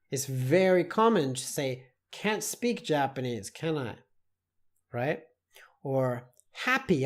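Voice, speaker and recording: A man teaching an online English lesson, explaining slowly and deliberately with many spoken examples. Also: on the high side, a little mellow.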